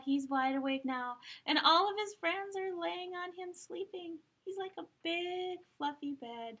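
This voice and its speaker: Slow, bright, sing-song woman reading aloud. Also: very high-pitched. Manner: animated, sing-song, with asides to children. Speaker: children's story time reader. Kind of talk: expressive read-aloud storytelling.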